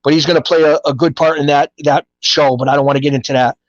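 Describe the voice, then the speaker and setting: A man's voice: on the high side, fast, dry recording. Rambling New man, dull dry audio. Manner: rambling and animated, with street-style grammar. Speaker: guest. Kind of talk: casual storytelling interview.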